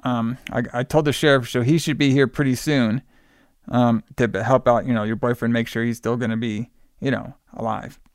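A man's voice: medium pitch, steady tone, normal speed, clean tone, dry recording, clean studio sound. A man casually recapping a film plot for a podcast, rambling with fillers and playful asides. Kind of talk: casual movie recap chat.

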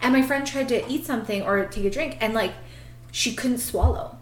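A woman's voice: on the high side, moderate pace, reverberant, a little hiss or hum. A young woman casually telling a funny story on a podcast, laughing often and filling her talk with "like". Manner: giggly, frequent laughter and "like" fillers. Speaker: podcast co-host.

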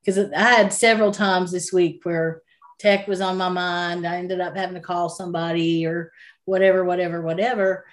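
A woman's voice: on the low side, little pitch movement, moderate pace. Chatty woman co-host. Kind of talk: casual chat.

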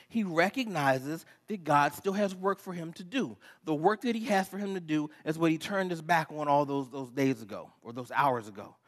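A man delivers a sermon with a high, light voice, shifting between personal stories and scripture. He talks to the congregation in an animated, conversational way. The sound carries a long reverb from a church hall. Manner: animated storytelling preacher, conversational asides. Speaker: pastor.

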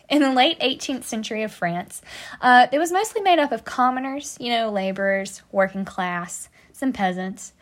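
A woman's voice: mid-range voice, a bit bright. An American woman hosting a casual history podcast, chatty and joking, with playful asides. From United States. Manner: chatty, joking asides, southern-tinged "y'all". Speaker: podcast host.

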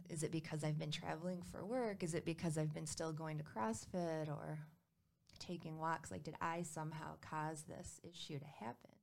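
A woman's voice: sits low, creaky. A woman in her thirties telling a personal story in a candid, conversational way, with many fillers and quoted dialogue.

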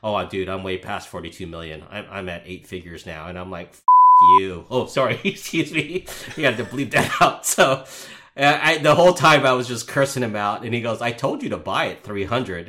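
A man's voice: low voice, fairly bright tone. A man co-hosting a podcast, telling a self-mocking story in casual chat with laughter. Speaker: podcast co-host.

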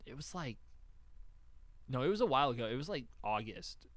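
A young man co-hosting a podcast, telling animated stories with swearing and frequent laughter in casual chat. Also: medium pitch, fairly quick, no room sound. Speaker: podcast co-host.

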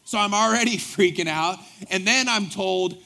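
A male pastor with a fairly high voice delivers a sermon. He tells a story animatedly, acting out the dialogue. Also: moderate pace, gravelly, sharp tone.

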